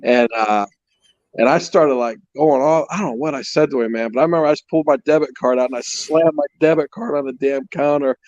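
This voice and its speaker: A man telling a story in a casual chat, animated and laughing as he goes. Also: on the high side, fast talker, few pauses. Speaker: co-host, father of the host. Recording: dull, dry lo-fi sound.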